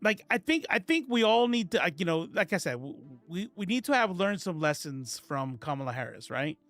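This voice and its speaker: Sarcastic guy rambling on his political stream, kinda high voice, faint music in the back. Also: very animated, brisk, fairly bright tone. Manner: sarcastic, rambling, reads chat aloud. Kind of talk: casual live-stream commentary.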